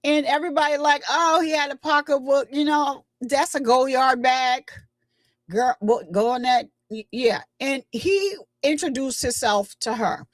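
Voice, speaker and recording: A woman with a high voice speaks at a measured pace, with no room sound, while hosting her own channel. She's chatty and emphatic in her casual commentary, retelling what people said.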